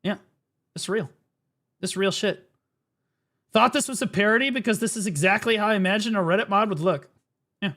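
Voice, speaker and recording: A man's voice: high-pitched, fairly quick, pauses often, sharp tone. A man streaming live reaction commentary, blunt and profane, repeating his points as he gets riled up. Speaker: streamer host.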